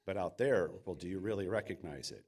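A man's voice: deep voice, lively intonation, fairly quick, a little mellow, breathy edge. A man preaching a sermon in an earnest, emphatic way, sometimes acting out quoted voices. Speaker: pastor.

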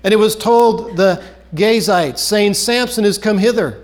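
Earnest high-voiced male preacher. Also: measured pace. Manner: earnest preaching, repeats key phrases, drops low at ends of phrases. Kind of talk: sermon.

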